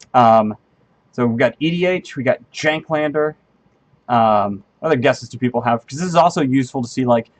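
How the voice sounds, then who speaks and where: A man streaming while he programs, thinking aloud in a rambling, friendly way, full of ums and half-finished sentences as he answers his chat. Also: medium pitch. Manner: friendly and self-deprecating, answers chat readers. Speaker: game engineer streaming live coding.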